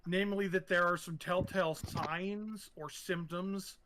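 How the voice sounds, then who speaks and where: Brief: male game master, high and bright, unhurried narration. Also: steady tone, slight background noise.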